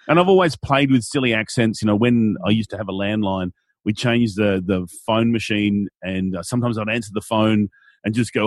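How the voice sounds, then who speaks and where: A man's voice: fairly low pitch, a little fast, no echo, clean studio sound. An Australian man, an event MC, talking animatedly and playfully in an interview. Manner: animated, playful, acts out quotes in silly voices. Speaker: guest, event MC. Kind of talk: conversational interview.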